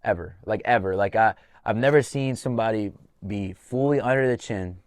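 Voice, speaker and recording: A man hosting a casual podcast, telling fight stories with animated, profane retellings of corner talk. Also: fairly low pitch, moderate pace, dry recording, clean studio sound. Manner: animated storyteller, swears freely, acts out corner talk. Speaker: podcast host and MMA coach.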